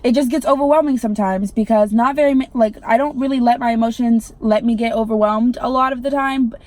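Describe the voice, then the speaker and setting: A woman's voice: fairly high pitch, steady tone, a little fast, a little mellow. A young woman, telling an irritated storytime rant to her vlog viewers, swearing and saying "like" a lot. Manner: irritated, swearing, heavy use of "like". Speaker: vlogger.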